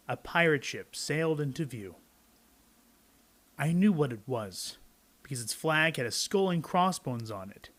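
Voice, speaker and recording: A man's voice: mid-range voice, a bit bright. Chatty young man reading a picture book. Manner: chatty asides to young listeners. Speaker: children's book reader.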